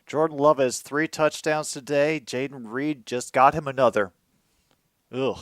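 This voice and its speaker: A man hosting casual live commentary on a football game, moving from dry asides to excited outbursts. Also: mid-range voice, measured pace, no echo.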